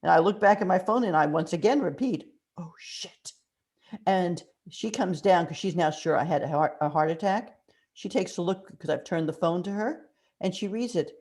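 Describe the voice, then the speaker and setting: An older woman with a low voice tells stories in a relaxed interview. She shifts into little acted-out quotes as she goes. The tone is conversational and animated. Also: a little fast. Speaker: mystery author guest.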